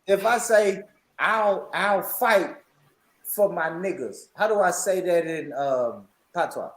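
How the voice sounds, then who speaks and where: A man hosting a casual group chat, animated and laughing, repeating phrases as he goes. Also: high-pitched, slow pace, rough recording. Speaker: host.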